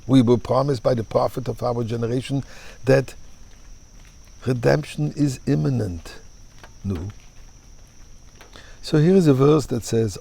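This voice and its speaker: A man's voice: mid-range voice, unhurried, gravelly, long pauses, dark tone, slightly rough. A man, a rabbi, giving a fervent sermon and telling a parable with emphatic storytelling.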